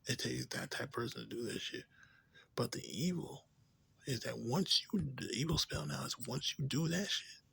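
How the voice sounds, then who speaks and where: A man ranting in a rambling, profane, casual way, drifting between low mutters and louder outbursts. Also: animated, moderate pace, vocal fry, breathy edge. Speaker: vlogger.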